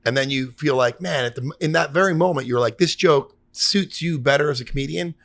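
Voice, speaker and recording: A man's voice: on the high side, fairly quick, creaky, fairly bright tone, no room sound. A man hosting a podcast, chatting eagerly with a comedian guest and laughing along. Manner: eager, laughing, affectionate interjections. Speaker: podcast host. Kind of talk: casual podcast interview.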